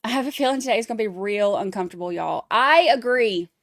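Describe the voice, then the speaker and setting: A woman's voice: medium pitch, expressive, fast talker, a bit bright, dry recording, clean studio sound. A woman hosting a casual livestream, chatting with viewers and reading their messages aloud with plenty of fillers. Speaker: livestream host.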